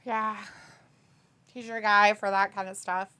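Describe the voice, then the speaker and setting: Giggly bright-voiced woman. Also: mid-range voice, flat delivery, measured pace, clear, resonant tone. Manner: giggly, teasing, laughs often. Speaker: co-host of a wrestling watch-along stream. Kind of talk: casual chat reading live chat messages aloud.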